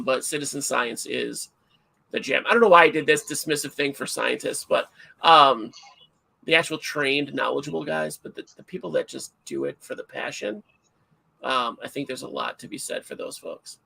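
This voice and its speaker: A middle-aged man hosts a livestream in casual chat and tells stories with animated, self-mocking energy. His voice sits a little high and sounds bright and forceful, with a gravelly rasp running through it. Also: moderate pace. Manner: animated storyteller, self-mocking, acts out shouts. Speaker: livestream host.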